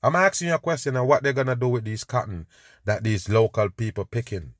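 Briskly and in a mid-range voice, a male podcast host sneers his way through video clips. His preachy rant keeps returning to the word "people" for his listeners. The audio is studio quality, with no room sound.

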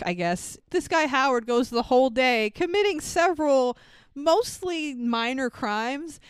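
A woman's voice: on the high side, clear, resonant tone, no room sound. A woman co-hosting a podcast, recapping a movie in casual, sweary chat and laughing as she acts out lines. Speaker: podcast co-host.

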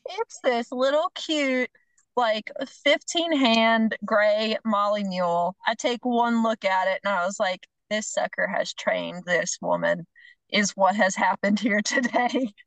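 A middle-aged woman, a horse trainer on a podcast, telling a story in a lively way and acting out what people said. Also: on the high side, no echo, poor audio. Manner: animated storyteller, acts out the other people's lines, laughs between phrases. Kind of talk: casual storytelling chat.

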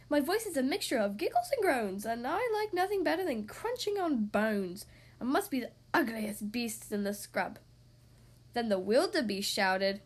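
A woman's voice: high voice, sing-song, moderate pace. A woman reading a rhyming children's picture book aloud in a playful, sing-song way. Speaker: storybook reader.

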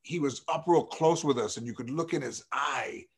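A man's voice: medium pitch, lively intonation, moderate pace, vocal fry, breathy edge. A man recalling a film shoot in casual chat, reflective and drawn out, with the odd curse.

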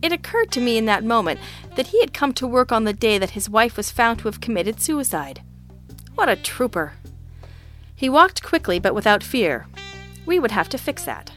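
A woman's voice: fairly high pitch, very animated, normal speed, fairly bright tone, soft background music. A woman narrating a first-person audiobook with a wry, sardonic delivery.

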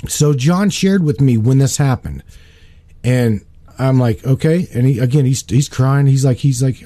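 A man telling a story in a casual chat, animated, often repeating words and acting out the lines of the people in it. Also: medium pitch, normal speed, no echo. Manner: animated, repeats words, acts out quoted dialogue. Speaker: guest telling of spiritual work.

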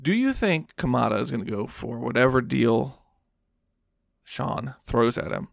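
A man's voice: medium pitch, big pitch swings, unhurried, gravelly, dry recording, studio quality. A man hosting a podcast alone, recapping a film scene in a rambling, casual way with lots of fillers. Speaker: podcast host.

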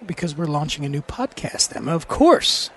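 A man's voice: a little high, sing-song, normal speed. A man co-hosting a casual podcast chat, joking and wisecracking. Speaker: podcast co-host.

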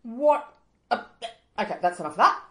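An Australian woman co-hosting a podcast in casual chat, animated and fired up about the environment. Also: fairly high pitch, moderate pace, reverberant, low-quality recording. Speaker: podcast co-host.

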